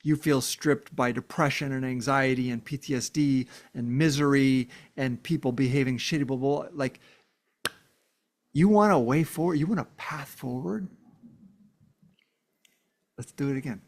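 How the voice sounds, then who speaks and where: A man's voice: mid-range voice, moderate pace, pauses often. A man giving an earnest, emphatic casual monologue, speaking directly to his viewers. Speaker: vlogger. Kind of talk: casual heartfelt monologue to camera.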